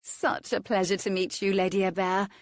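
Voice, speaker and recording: A woman's voice: medium pitch, level tone, normal speed, no room sound, studio quality, natural voice. A woman voicing a bold young lady who speaks with poised, sweetly barbed politeness. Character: witty young Regency lady, bold and cheeky.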